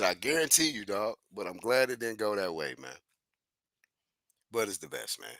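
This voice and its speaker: Animated profane man ranting on boxing. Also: mid-range voice, brisk, no room sound. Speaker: commentary host. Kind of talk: casual ranting commentary.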